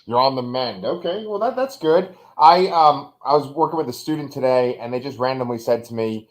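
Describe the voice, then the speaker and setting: A man's voice: medium pitch, animated, fairly quick, few pauses, rough recording. Chatty nasal man hosting a show. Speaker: podcast co-host. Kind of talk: casual review chat.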